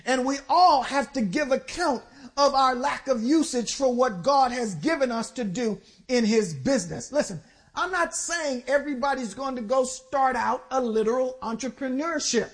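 High-pitched woman preacher, fervent, calls on the church to answer back. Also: expressive. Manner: exhorting, call-and-response with the congregation; swings between slow stressed phrases and quick bursts. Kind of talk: sermon.

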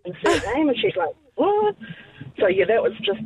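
A woman's voice: on the high side, lively intonation, fast, slightly rough, no room sound. A woman with a New Zealand accent, a caller enthusiastically telling a story on radio. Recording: noisy phone line.

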